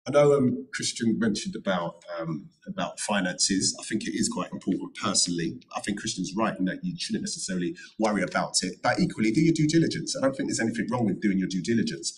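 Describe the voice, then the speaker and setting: A middle-aged man with a lowish voice speaks on a panel at a careers event. He gives earnest, emphatic advice and drives points home by repeating them. He is picked up from a little way off the microphone, so the voice sounds distant in the room. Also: animated, quick pace, few pauses. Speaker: panel speaker, notary and former solicitor.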